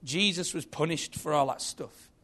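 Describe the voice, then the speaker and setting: A man's voice: fairly high pitch, moderate pace, sharp tone. A man preaching a sermon, earnest and emphatic, telling a story.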